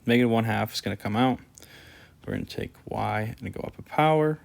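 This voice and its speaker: A man's voice: on the low side, fairly quick, creaky. A man teaching calculus in a casual way, talking through each step as he writes, sleepy and yawning. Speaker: math teacher. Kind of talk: screen-recorded math lesson.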